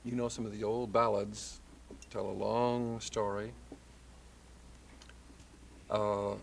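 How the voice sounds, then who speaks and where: A man's voice: on the low side, little pitch movement, gravelly. A middle-aged man hosting a casual 1960s television folk music chat. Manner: slow, easygoing, breaks into song. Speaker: host. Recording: faint background noise, 1960s TV broadcast.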